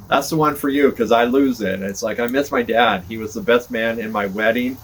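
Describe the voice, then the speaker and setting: A man's voice: mid-range voice, steady tone, normal speed, slightly rough. An older man, a podcast host, chatting casually and rambling in a folksy, self-deprecating way while sitting by a fire on his porch. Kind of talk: casual chat to camera. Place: front porch by a fire, outdoors. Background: fire crackling, passing cars.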